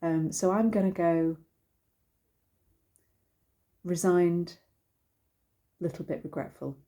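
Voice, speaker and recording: A middle-aged woman teaches singing in a casual, rambling way, full of ums and little restarts. Her voice sits a touch low and sounds soft and mellow rather than bright. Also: steady tone, slow pace. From United Kingdom. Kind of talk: casual singing lesson to camera.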